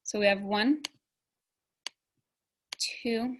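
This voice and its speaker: A woman teaching a phonics lesson to young children, slowly and clearly sounding out letters and words. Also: medium pitch, slight background noise, poor audio.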